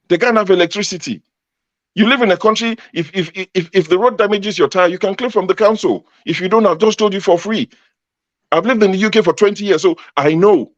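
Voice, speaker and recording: A man's voice: high voice, no echo, muffled recording. Combative Nigerian man in heated debate. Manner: combative, mocking, repeats words when cutting in. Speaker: panel debater. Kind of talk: heated political argument.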